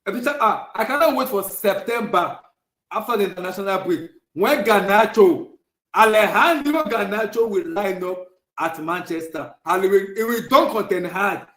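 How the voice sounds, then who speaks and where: A man's voice: high-pitched, lively intonation, normal speed, a bit bright, echoey room, low-quality recording. A man hosting a podcast, ranting heatedly and repeating himself. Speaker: podcast host. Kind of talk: heated football rant.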